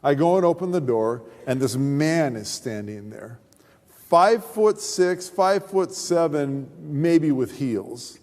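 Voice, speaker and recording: A man pastor preaching his testimony with a lively, swooping voice pitched a little high, animated and humorous. His voice carries a long reverb from a church hall. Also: slow. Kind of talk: sermon testimony storytelling.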